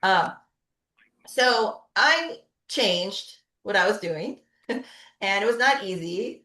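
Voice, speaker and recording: A woman's voice: medium pitch, pushed and bright, roomy sound. A middle-aged woman, a pediatric physical therapist, giving a conversational webinar talk with frequent tag questions. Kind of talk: webinar presentation.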